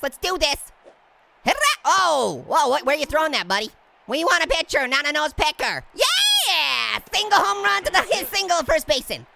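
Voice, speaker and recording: A man's voice: noisy background, heavily acted. A man voicing a hyper, giggly male talking orange who cracks puns and taunts while commenting on gameplay. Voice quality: gravelly, high cartoon voice. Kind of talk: comedic let's-play commentary. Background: game music.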